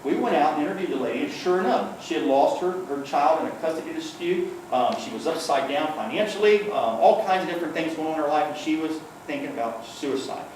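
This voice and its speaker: Man, fairly high voice, training lecture, frequent "okay?" check-ins, distant mic, very echoey room. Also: lively intonation, fast, few pauses, darkish tone. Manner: storytelling with acted quotes. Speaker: workplace safety trainer, former police liaison officer. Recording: echoey room, far from the mic, faint noise.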